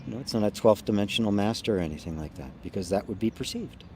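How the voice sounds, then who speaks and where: A man hosting a live spiritual satsang, speaking slowly and softly, trailing into quiet tones and reading out viewer comments. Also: lowish voice, lively intonation, noisy background. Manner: slow, soft and reflective, often trailing off quietly with gentle laughs. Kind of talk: live-stream talk answering chat comments.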